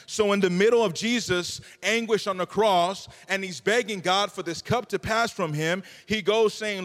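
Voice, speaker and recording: High-voiced male preacher in a reverberant hall. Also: moderate pace, hardly any pauses, a bit bright. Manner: fervent, repetitive preaching cadence. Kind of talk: sermon.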